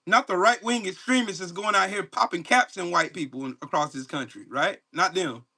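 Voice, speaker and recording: Dude yelling at his livestream chat, swears nonstop, mocking, aave, high bright voice. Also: moderate pace, slightly rough. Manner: profane, mocking, confrontational. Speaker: livestream host. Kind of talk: angry political rant to live chat.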